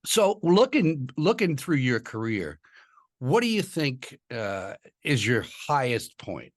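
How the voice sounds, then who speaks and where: A man's voice: medium pitch, sing-song, takes it slowly, dry recording, studio quality. A man hosting a casual interview, friendly and encouraging, chuckling between questions. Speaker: interview host.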